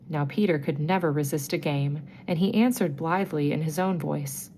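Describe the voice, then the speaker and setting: Low-voiced woman reading a bedtime story. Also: moderate pace, hardly any pauses, slight background noise. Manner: gentle, clear. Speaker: narrator.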